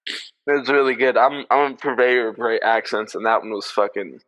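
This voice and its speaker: A man's voice: mid-range voice, normal speed, a bit bright, low-quality recording. A young male podcast host talks in an ordinary mid-range voice. His chat is casual and blunt, full of swearing.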